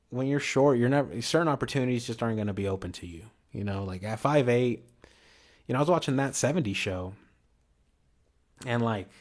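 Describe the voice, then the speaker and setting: A man vlogging in a rambling casual monologue, slangy and full of restarts and "you know". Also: mid-range voice.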